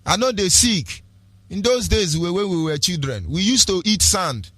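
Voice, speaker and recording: A man's voice: sits high, animated, moderate pace, fairly bright tone, no room sound. A man with a Nigerian accent, delivering an impassioned, preachy political radio talk with repeated rhetorical phrases and lapses into pidgin. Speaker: radio broadcaster.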